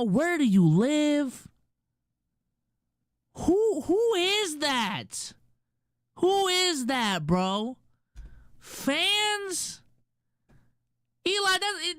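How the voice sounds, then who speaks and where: A woman's voice: fairly high pitch, no room sound, clean studio sound. A woman streamer reacting to clips live, incredulous and firing off rhetorical questions at her chat. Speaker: streamer host.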